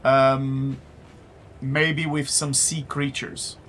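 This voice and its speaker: Male game master, slow and halting, slightly high voice, faint background hiss. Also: flat delivery, a bit bright. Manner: halting, many fillers. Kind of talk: narrating a tabletop game.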